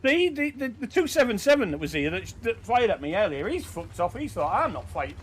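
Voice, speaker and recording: A man giving casual, sweary, excitable commentary over his own tank gameplay. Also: sits high, brisk, husky. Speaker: gaming commentator.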